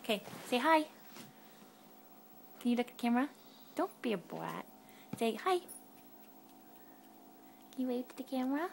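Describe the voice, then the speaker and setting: A woman's voice: high-pitched, big pitch swings, moderate pace, creaky, pauses often, slight background noise. A woman at home filming her toddler on a handheld camera, coaxing him to wave in a sing-song voice. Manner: coaxing, sing-song talk to a small child. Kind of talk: casual home video. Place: home, by a couch.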